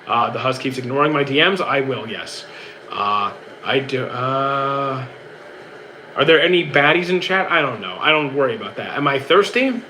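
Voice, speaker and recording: A man's voice: medium pitch, lively intonation, moderate pace, bright, forceful tone, slight background noise, rough recording. A young man from Canada, a streamer casually answering chat questions in an easygoing, rambling way with many restarts.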